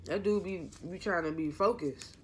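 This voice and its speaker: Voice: medium pitch, normal speed, a little hiss or hum. A TV show reviewer giving a casual recap in an opinionated, rambling way, often correcting themself mid-sentence.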